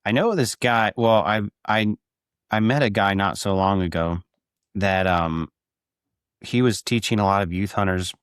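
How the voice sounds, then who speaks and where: Male host, smooth low voice, dry sound, easygoing and agreeable. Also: measured pace, no echo. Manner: relaxed, agreeable, frequent affirmations. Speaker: podcast host. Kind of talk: casual interview chat.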